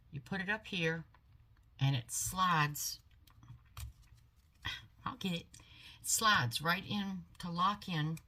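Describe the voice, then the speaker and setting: An older woman shows off her buys in a chatty, folksy manner, her voice low-pitched yet bright and forceful. She talks from a home office into a phone. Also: slightly rough. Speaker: haul vlogger. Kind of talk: casual product haul chat.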